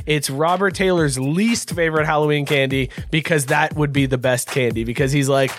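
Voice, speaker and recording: Man, podcast host, slightly high voice, rowdy banter over light music. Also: moderate pace. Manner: loud, joking, swings into mock voices. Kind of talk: casual beer-tasting banter.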